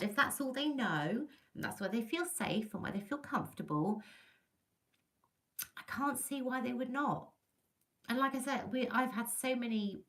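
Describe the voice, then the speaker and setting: A woman from England chatting on a livestream, telling ghost stories in a chatty, animated way and greeting viewers by name. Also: on the high side. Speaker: livestream host. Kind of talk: casual livestream chat.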